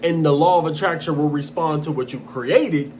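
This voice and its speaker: A man giving an impassioned self-help talk, emphatic and repetitive, dropping into a flat, lazy voice to mock half-hearted wishes. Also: moderate pace, slight background noise. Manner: intense, emphatic, repeats points, mocking quotes in a flat low voice. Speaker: motivational speaker.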